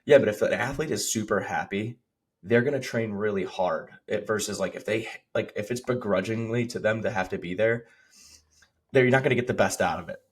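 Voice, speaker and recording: A man who coaches strength, co-hosting a podcast in a relaxed, rambling way, with lots of "like" and "you know". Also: lowish voice, fairly quick, breathy edge. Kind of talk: casual podcast chat.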